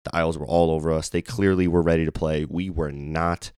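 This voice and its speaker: Young male podcast co-host: hoarse, very low voice, rattles along fast with fillers. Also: no room sound, studio quality. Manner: rambling, excitable, lots of fillers. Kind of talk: casual sports podcast chat.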